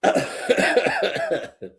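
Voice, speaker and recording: A man's voice: very slow, a bit bright. A man telling jokes in a rambling way as a podcast host, laughing at his own punchlines. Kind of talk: joke telling.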